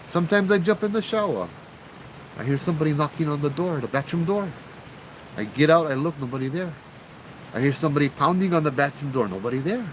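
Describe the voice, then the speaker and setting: A man voicing a squeaky, cheap old island uncle in Pidgin. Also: lively intonation, fast talker, slight background noise, natural voice, low-quality recording. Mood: complaining. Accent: Hawaiian Pidgin. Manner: raised, exasperated retelling. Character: older local island uncle, fussy and cheap.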